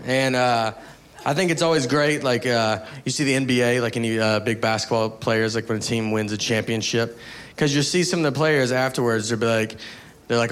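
A man's voice: mid-range voice, fairly bright tone. A man performing a stand-up comedy set, telling self-mocking stories in a laid-back way. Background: audience laughter.

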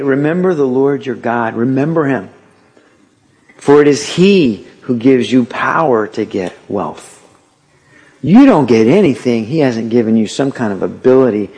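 A man's voice: medium pitch, a little mellow, husky. A man preaching a sermon in a conversational way. He acts out quotes as he goes.

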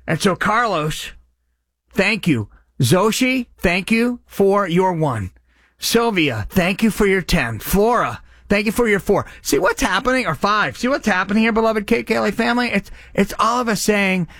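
Middle-aged radio guy doing a live charity pitch, high voice, stutters when he gets excited, bone dry studio sound. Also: moderate pace, no echo. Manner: excitable, names donors with loud bursts of enthusiasm. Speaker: radio host running a charity appeal. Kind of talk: live radio fundraising appeal.

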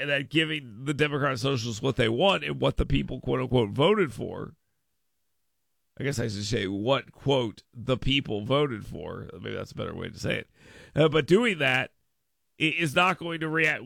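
A man hosting talk radio from a studio, his voice bright and gravelly. He talks in an animated way, switching into higher mocking voices to quote people. The sound is dry and close to the mic. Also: normal speed, no echo. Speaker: radio talk show host. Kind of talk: political talk radio monologue.

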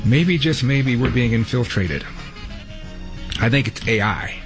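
A man's voice: medium pitch, animated, measured pace. Male radio host, dry sarcastic monologue, middle-range voice, studio sound with a faint music bed. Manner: wry, sarcastic asides. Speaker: radio talk show host. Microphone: studio microphone.

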